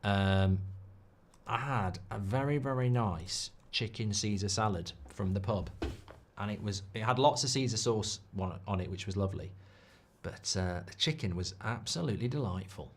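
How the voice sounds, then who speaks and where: A man's voice: lowish voice, normal speed. A man hosting a live football watchalong, chatting casually and reading out viewer messages between comments on the match. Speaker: football livestream host.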